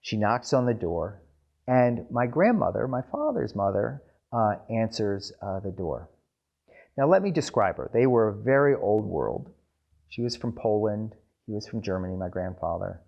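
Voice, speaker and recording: A man telling a family story to a live audience in an animated storytelling style with wry asides. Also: fairly low pitch, moderate pace, vocal fry, dull audio.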